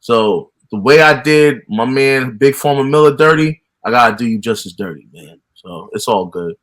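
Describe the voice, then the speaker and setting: A man's voice: mid-range voice, expressive, moderate pace, a bit bright. Laid-back man on a boxing podcast. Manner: laid-back, joking, full of fillers. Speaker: podcast co-host. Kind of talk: casual boxing chat.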